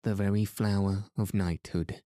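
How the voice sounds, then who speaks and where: A man's voice: on the low side, little pitch movement, unhurried, dark tone, dry recording, studio quality, close to an everyday voice. A man reading the lines of an outspoken, spirited young noblewoman.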